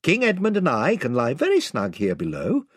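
Young king read by a man in a storybook, friendly but in charge, husky lively voice. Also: mid-range voice, normal speed, no echo, studio quality, voice pushed up. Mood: kindly.

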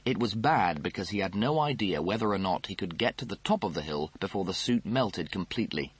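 Male audiobook narrator, lowish husky voice, lively delivery, dry booth. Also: a little fast, no echo.

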